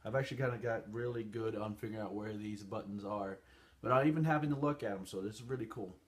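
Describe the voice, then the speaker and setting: A man's voice: lowish voice, fast talker, slight background noise. A man hosting a casual tech review, chatty and rambling with fillers as he talks through phone settings. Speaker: channel host.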